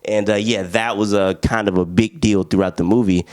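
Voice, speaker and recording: A man's voice: lowish voice, steady tone, fairly quick, a little mellow. A young man giving a casual, slangy film review. He is sleepy and a little sick, and he acts out the characters he quotes.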